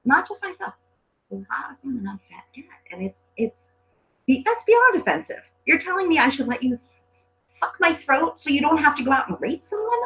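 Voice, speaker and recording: A woman talks candidly in a casual conversation and swears without hesitation. Her voice sits a little high and moves through a wide, lively range. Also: brisk, poor audio. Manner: expressive, frank, swears freely. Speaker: guest. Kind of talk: casual chat.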